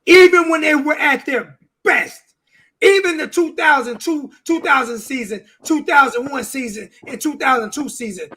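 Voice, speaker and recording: High bright husky guy ranting on a sports show, cussing a lot. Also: moderate pace. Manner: profane, ranting, repeats words. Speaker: show regular. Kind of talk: heated sports talk.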